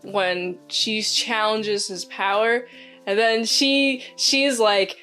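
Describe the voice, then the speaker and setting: A woman's voice: a little high, steady tone, slow, sharp tone, faint music behind. A woman casually recapping a TV episode, chatty and full of fillers and restarts. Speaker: TV show reviewer.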